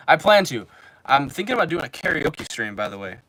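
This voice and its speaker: A man's voice: on the high side, big pitch swings, moderate pace, a bit bright. A man in his twenties streaming casually, telling rambling stories full of fillers and reading viewer comments. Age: 20s. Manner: rambling, filler-heavy storytelling. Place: home in Japan.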